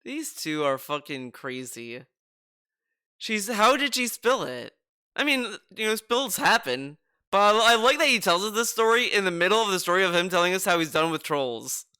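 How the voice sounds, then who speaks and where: Male reaction streamer, mocking, swearing, smooth clear voice. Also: high-pitched, normal speed, no room sound, studio quality. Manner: mocking, animated, swearing, exaggerated impressions. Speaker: commentary streamer. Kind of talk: reaction commentary.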